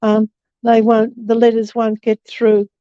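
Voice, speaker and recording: An older woman giving a personal account in an interview, halting and hesitant, with many fillers and restarts. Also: a little high, monotone, warm tone, smooth, no echo. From Australia. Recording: dull, slightly muffled recording.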